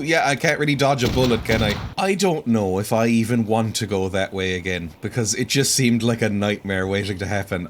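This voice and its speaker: An Irish let's-play host in his late twenties gives chatty, self-mocking gameplay commentary, frequently breaking into exclamations as he plays. His voice is medium-pitched, with slight background noise.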